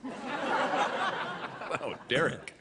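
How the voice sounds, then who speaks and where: A man's voice: very high-pitched, wildly swooping pitch, heavily acted. Man voicing a sarcastic robot skeleton. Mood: mocking. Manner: sarcastic, quick comebacks. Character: wisecracking male robot skeleton sidekick. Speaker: sidekick. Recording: noisy TV studio recording.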